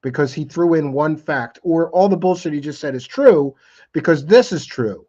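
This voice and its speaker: Sarcastic guy host, kinda high voice, mocking tone, a bit dull lo-fi sound. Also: expressive, normal speed, warm tone. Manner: mocking, scornful. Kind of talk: sarcastic reaction commentary. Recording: slightly dull lo-fi audio.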